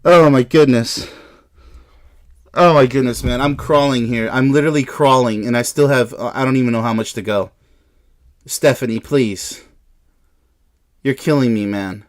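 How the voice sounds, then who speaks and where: A man's voice: mid-range voice, normal speed, pauses often. A man giving a sarcastic, exasperated reaction commentary while reading an article aloud, with frequent incredulous exclamations. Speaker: relationship commentator.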